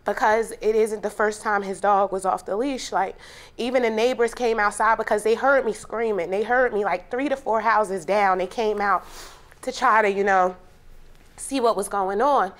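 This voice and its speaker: A woman's voice: mid-range voice, moderate pace. A woman, a plaintiff on a TV court show, telling her story in emotional detail. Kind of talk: testimony in a TV courtroom.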